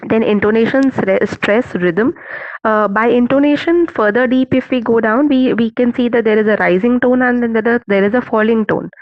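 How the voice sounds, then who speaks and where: A woman with an Indian accent giving an online teacher-training talk, measured and earnest, with many fillers and restarts. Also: on the high side, no echo. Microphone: video call. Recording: dull lo-fi call audio.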